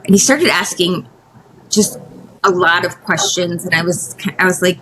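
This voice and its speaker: A woman with a lowish voice tells her own story in a relaxed interview, candid and emotional, often stopping and restarting mid-sentence. A faint hiss of noise sits under her voice. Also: normal speed. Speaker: guest.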